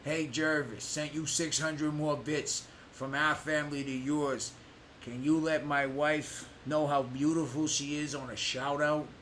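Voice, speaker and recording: A man puts on a deep, unhurried New Jersey guy who drawls every word. The New Jersey accent is heavy, with a faint hum behind him. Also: little pitch movement, fairly bright tone. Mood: laid-back. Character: gruff, laid-back New Jersey guy, male.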